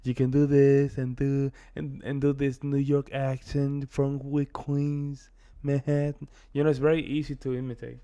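American man, reaction video host, casual rambling commentary, lots of fillers, mid-pitched voice. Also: little pitch movement, normal speed, few pauses, mellow, smooth, dull audio. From United States. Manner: rambling, repeats himself, many fillers.

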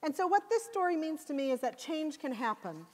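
A woman's voice: high voice, sing-song, brisk. Passionate woman speaking in an echoing hall. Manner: passionate and emphatic. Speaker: conference speaker. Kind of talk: conference talk. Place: conference hall. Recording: long hall reverb.

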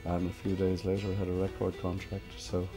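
Deep-voiced Irish man telling stories. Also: brisk, over music. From Ireland. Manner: relaxed storyteller, easy laughs. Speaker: interviewee, musician. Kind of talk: documentary interview, anecdotal storytelling.

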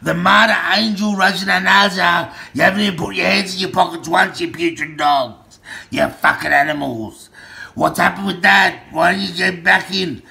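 A man in an angry, rambling monologue, shouting names and threats and swearing constantly. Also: sits high, moderate pace, gravelly. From Australia. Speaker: self-styled gang boss ranting to camera.

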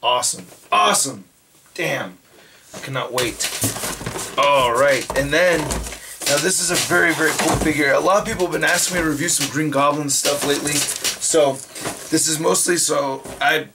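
A man with a hoarse, raspy voice, chatting excitedly and rambling as he unboxes toys for his channel. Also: medium pitch, noisy background. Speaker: toy reviewer. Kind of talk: casual unboxing chat.

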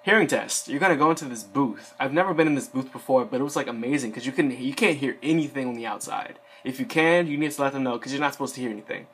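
A man's voice: mid-range voice, fast, hardly any pauses, fairly bright tone, slightly rough. A young man with a mid-range voice talks loosely while seated, full of "like" and "uh" as he rambles through practical advice. His delivery is conversational and unscripted, like a friend walking you through what happened to him. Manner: rambling, filler-heavy, conversational. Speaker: Air Force enlistee giving advice. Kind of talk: casual advice vlog. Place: seated indoors.

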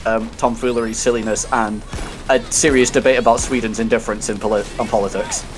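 A man hosting a casual gaming stream, joking around and now and then breaking into mock shouting. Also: on the low side, fairly even intonation, fast, soft background music. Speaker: streamer host.

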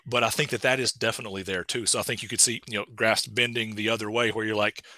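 A man's voice: fairly low pitch, fairly even intonation, fast, few pauses, bright, forceful tone, dry recording. A man with a Southern US accent, speaking as a guest linguist in an academic seminar over a video call, thinking aloud with many fillers and restarts.

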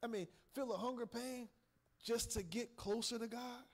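A man's voice: very high-pitched, normal speed. A man preaching a sermon in a folksy way, laughing and calling out to his congregation. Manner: folksy, laughing asides, calls and responses to the congregation.

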